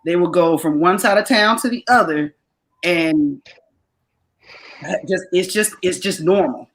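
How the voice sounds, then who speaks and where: A woman in a casual podcast chat, speaking carefully and haltingly as she picks her words. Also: fairly low pitch, rough recording. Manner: halting, restarts while choosing words carefully. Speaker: podcast co-host.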